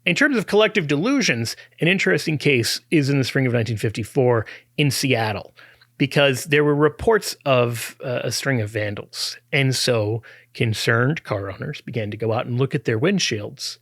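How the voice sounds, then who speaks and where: A man's voice: mid-range voice, lively intonation, moderate pace, a bit bright, no room sound, clean studio sound. A man hosting a talk podcast, explaining an argument in a conversational way with restarts and small chuckles. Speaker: podcast host. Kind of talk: apologetics talk.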